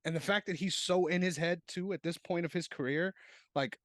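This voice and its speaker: A man co-hosting a casual sports podcast, animated and laughing, swearing freely. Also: high voice, fairly quick, no echo. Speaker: podcast co-host.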